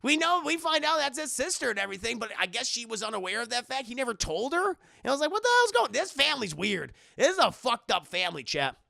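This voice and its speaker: A man's voice: very high voice, sing-song, fast, creaky, few pauses, bright, forceful tone, dry recording, studio quality. A man casually recapping an anime episode, profane and chatty, talking to his chat. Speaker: anime reviewer.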